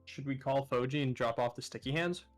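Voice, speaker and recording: A man's voice: mid-range voice, a little fast, faint music behind, poor audio. A man playing in a tabletop game and giving brief, matter-of-fact answers. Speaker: player.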